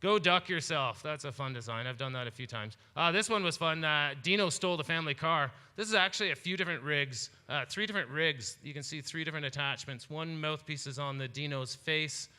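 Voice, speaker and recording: A man's voice: a little high, brisk, few pauses, bright, forceful tone, clean tone. A man from Canada giving a rambling, jokey talk about his glasswork, full of fillers. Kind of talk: casual comedic slideshow talk. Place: festival presentation hall. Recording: long hall reverb.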